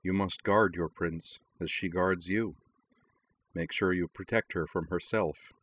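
Man reading a soft-spoken gentle prince. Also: sits low, steady tone, a little slow. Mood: tender. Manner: soft and wry. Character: gentle young male prince saying farewell.

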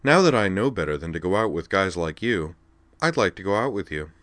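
A man reading aloud and putting on a wry, forthright young woman student, raised above his own deep voice. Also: big pitch swings, fairly quick, fairly bright tone, no echo. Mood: teasing. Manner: wry, teasing.

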